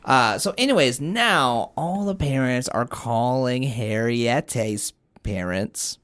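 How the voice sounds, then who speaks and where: A man's voice: mid-range voice, animated, slow, fairly bright tone. A man co-hosting a podcast in a laid-back, self-mocking casual chat. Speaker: podcast co-host.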